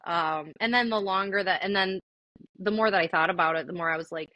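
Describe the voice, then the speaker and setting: A woman's voice: on the low side, fairly quick, pushed and bright, dry recording. A young adult woman telling her story as an interview guest in a casual, chatty way, full of likes and ums. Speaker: interview guest, army veteran.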